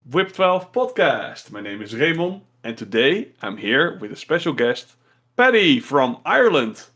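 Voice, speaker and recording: Halting male podcast host. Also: medium pitch, sing-song, fairly bright tone. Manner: hesitant, laughs often, many "uh" and restarts. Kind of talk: casual chat.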